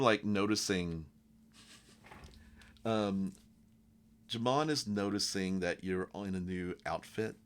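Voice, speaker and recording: A man narrating as game master of a tabletop game, in loose, halting descriptions. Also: deep voice.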